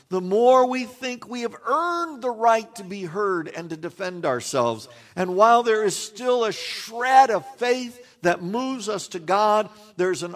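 A man preaching a sermon as a pastor, earnest and emphatic, with wry self-deprecating asides. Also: high-pitched.

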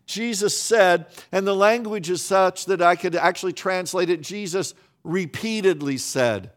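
A man with a high voice preaching a sermon at an unhurried, deliberate pace. He leans on repetition and pauses for weight, and when he speeds up he stumbles into restarts and doubled words. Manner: restarts and repeated words when speaking quickly. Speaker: pastor.

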